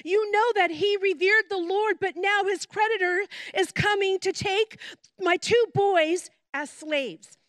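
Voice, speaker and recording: A woman's voice: very high-pitched, measured pace, a bit bright, no room sound, pitched above the performer's own voice. A woman voicing a grieving widow who urgently pleads for help, read aloud in a sermon. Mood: pleading. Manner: urgent, pleading scripture reading.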